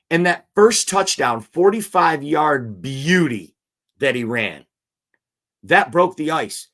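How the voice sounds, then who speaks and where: A man's voice: on the high side, fairly bright tone. A man hosting a live-stream football show, chatting and reading out viewer comments.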